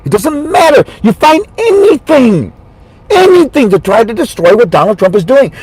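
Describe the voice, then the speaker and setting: A man giving rambling political commentary to his viewers, animated and jumping between mock voices and asides. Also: very high voice, normal speed, breathy edge, dry recording. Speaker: commentary vlogger.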